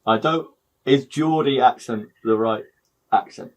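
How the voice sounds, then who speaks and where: A man hosts a podcast in a relaxed, chatty style. He is upbeat and teases his guest with easy, jokey banter. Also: mid-range voice, unhurried. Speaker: podcast host. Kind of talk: casual interview chat.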